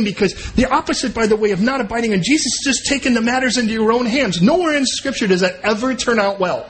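A man's voice: very high voice, quick pace, hardly any pauses, a bit bright, a little hiss or hum, rough recording. A man preaching a sermon as pastor, in a conversational way and often repeating and restarting his words.

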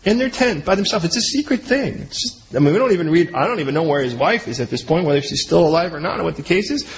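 Male pastor, high lively voice, chatty sermon with jokes and false starts. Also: quick pace, rough recording. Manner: animated, conversational, joking asides; restarts and trails off mid-sentence.

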